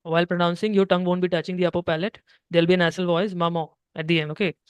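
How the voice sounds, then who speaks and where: Quick high-voiced Indian teacher. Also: male voice, flat delivery, clean tone, no room sound. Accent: Indian English. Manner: patient, explains step by step, mixes in Hindi. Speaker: French teacher. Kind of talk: one-on-one language lesson.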